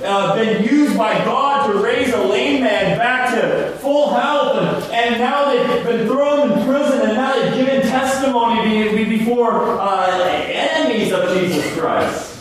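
A male preacher with a high voice delivers an emphatic sermon, swinging between hushed lines and loud ones. He is recorded in a church hall with heavy echo, from a mic set some distance away, with a faint hiss behind. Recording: echoey hall, mic far off.

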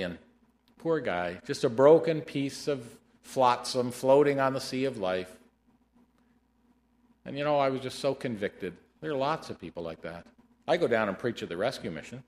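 A middle-aged man preaches a sermon, his pitch rising and falling freely as he tells a story. He slows right down whenever he reads scripture, then picks the pace back up for the narrative. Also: lively intonation.

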